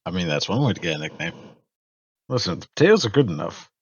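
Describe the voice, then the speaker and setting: A man's voice: low-pitched, very animated, quick pace, husky, dry recording, highs cut off. A man interviewing a character with dry, wry questions in an improvised comedy show.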